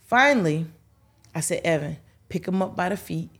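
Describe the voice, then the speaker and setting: With a lowish, slightly rough voice at a moderate pace, the host's mother tells comic family tales as a talk-show guest. She's animated, performing the voices of the characters in this casual storytelling.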